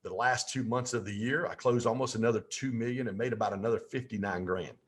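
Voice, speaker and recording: Lively storytelling man, folksy. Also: mid-range voice, fast talker. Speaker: podcast guest. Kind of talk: storytelling in a podcast interview.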